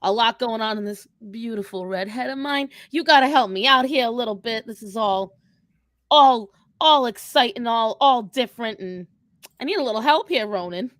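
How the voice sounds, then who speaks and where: A woman's voice: on the high side, moderate pace, a bit bright, no echo, clean studio sound, lightly acted. A woman voicing a sassy, brash redheaded character with a thick accent in a live character Q&A. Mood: playful. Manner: teasing, defiant, playful.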